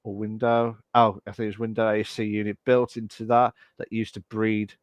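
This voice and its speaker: A man's voice: lowish voice, flat delivery, normal speed, no room sound, highs cut off. A man co-hosting a podcast in casual chat, laid-back and swearing casually. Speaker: podcast co-host.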